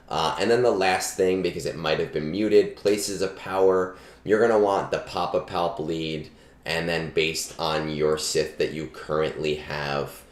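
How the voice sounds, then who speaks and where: A man streaming live and giving game advice in a relaxed, chatty way, full of ums, on a cheap starter microphone. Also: a bass voice. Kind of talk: casual live-stream chat. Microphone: budget starter microphone. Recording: echoey room, cheap mic.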